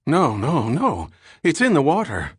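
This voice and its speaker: A man voicing a frightened young submarine first mate who shouts and pleads in panic. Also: fairly high pitch, wildly swooping pitch, unhurried, slightly rough, no room sound, studio quality, pitched above the performer's own voice, exaggerated voice. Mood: tense.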